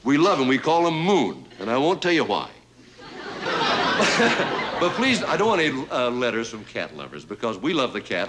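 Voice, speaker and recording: A man hosting a variety show, telling a comic monologue in a folksy storytelling manner with drawn-out pauses for laughs. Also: medium pitch, fairly bright tone. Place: TV studio stage before a live audience. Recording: TV studio audience laughter, noisy broadcast.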